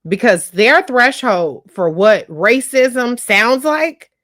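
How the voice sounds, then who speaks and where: A woman co-hosting a talk radio show, arguing bluntly and forcefully and swearing freely. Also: fairly high pitch, animated, slow, dry recording, clean studio sound. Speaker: radio co-host.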